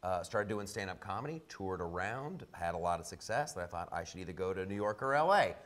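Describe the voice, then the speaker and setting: A man from Ohio, a comedian and talk show host, talking in a loud, joking, animated way as a guest in a casual interview. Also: low voice, brisk. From Ohio, USA.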